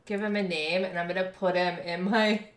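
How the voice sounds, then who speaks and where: A woman's voice: on the low side, fairly even intonation, brisk, roomy sound. A woman streaming a game live, chatting with her viewers, thanking them and laughing often. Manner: bubbly, reads and thanks chat, laughs often. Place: home room.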